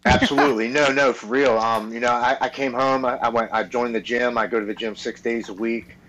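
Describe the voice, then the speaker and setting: A man's voice: mid-range voice, steady tone, a little fast, a bit bright, slight background noise, low-quality recording. Earnest man stammering through his story. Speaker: podcast guest. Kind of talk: casual podcast conversation.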